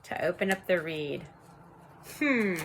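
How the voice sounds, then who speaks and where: A woman in her thirties with a fairly low voice hosts a casual tarot reading from home. She rambles warmly to her viewers and laughs often as she talks. A faint hiss sits under the recording. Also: animated, takes it slowly. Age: 30s. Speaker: tarot reader.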